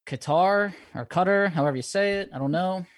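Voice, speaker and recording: A man's voice: on the high side, rapid-fire, no room sound, clean studio sound. A man hosting an interview, easygoing, asking questions in loose run-on sentences. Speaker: podcast host. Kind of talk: casual interview chat.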